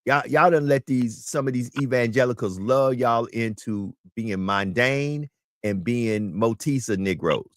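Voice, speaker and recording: A man's voice: medium pitch, unhurried, dry recording, studio quality. A man speaking as a talk show guest, emphatic and preachy, often repeating his words. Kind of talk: casual talk show chat.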